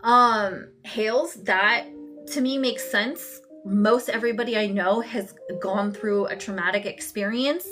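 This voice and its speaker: A woman's voice: medium pitch, a little slow, music in the background. Blunt, swearing woman coaching viewers live. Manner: blunt, swears freely, addresses viewers directly. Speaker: somatic coach hosting a live session. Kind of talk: casual live-stream coaching talk.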